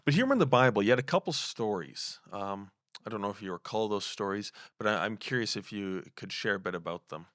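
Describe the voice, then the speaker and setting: A man with a somewhat low voice hosts a casual podcast interview. He asks long, winding questions, and the recording is dry with little room sound. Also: lively intonation, a little fast, a bit bright, no echo. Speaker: podcast host.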